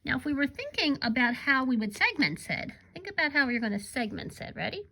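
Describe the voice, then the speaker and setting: A woman who is a kindergarten teacher, giving a recorded remote classroom lesson in an animated way, drawing words out and breaking into sudden high exclamations. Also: a little fast, gravelly.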